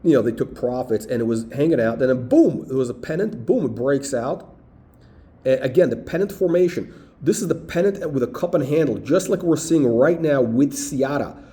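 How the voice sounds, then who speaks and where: Emphatic man with a lively, mellow voice. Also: moderate pace. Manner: emphatic, repeats "boom" and "okay". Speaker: stock market commentator. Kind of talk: chart walkthrough video.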